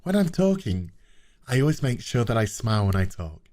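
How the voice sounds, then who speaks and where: A man mocking a smug, grinning male ship doctor in a review, in a slow, flat, deep monotone. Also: lightly acted.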